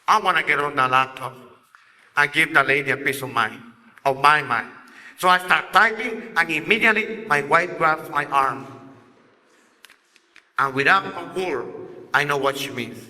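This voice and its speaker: A man from Guatemala, a native Spanish speaker, telling a story on a festival stage in an expressive, animated way. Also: a little high, normal speed, long pauses. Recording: echoey hall reverb.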